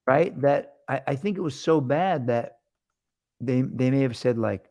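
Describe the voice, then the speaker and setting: Male host, casual chat, rambling jokey storytelling, dry close sound, mid pitch. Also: animated, measured pace, creaky, warm tone, no room sound.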